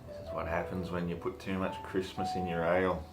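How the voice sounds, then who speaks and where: An Australian man giving a crude, rambling comic monologue to camera, swearing freely with deadpan humor. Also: low-pitched, a little fast, over music. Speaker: vlogger.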